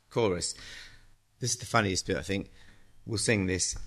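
Halting preacher in his sixties. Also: lowish voice, steady tone, a bit bright. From England. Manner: halting, full of ums and uhs, chatty with light laughs. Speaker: lay preacher. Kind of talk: church exhortation.

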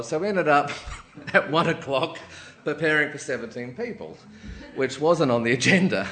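Speaking at a moderate pace in a voice on the high side, a male lay preacher weaves personal stories into his sermon. He animatedly performs quoted voices and keeps checking in with "right?", all carried by a roomy hall echo.

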